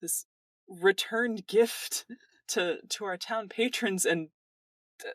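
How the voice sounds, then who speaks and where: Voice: medium pitch, takes it slowly, a bit bright, dry recording, voice pushed up. Game master doing an earnest stammering young temple attendant. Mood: tearful gratitude. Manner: sincere, stammering, tearful.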